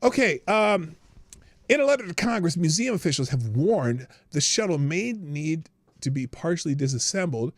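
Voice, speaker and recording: A man's voice: on the high side, very animated, moderate pace, no room sound, clean studio sound. An American man hosting a live stream, making sarcastic remarks, laughing at his own jokes and reading out news. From United States. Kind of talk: casual solo live-stream commentary.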